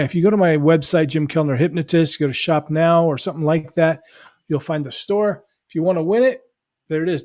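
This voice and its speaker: A man's voice: a little high, a little mellow, dry recording, clean studio sound. A male host with a Californian accent chatting casually on a live stream, laughing easily and often restarting his sentences.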